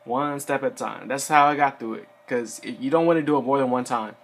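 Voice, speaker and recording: Sitting indoors, a young Air Force enlistee rambles through practical advice in a casual vlog, leaning heavily on "like" and "uh." His medium-pitched voice moves briskly, and he sounds unscripted, like a friend recounting what happened to him.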